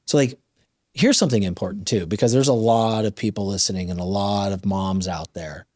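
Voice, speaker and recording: A man's voice: lowish voice, a little fast, dry recording, clean studio sound. Emphatic, fired-up male podcast host. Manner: animated, emphatic, motivational. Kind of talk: casual interview talk.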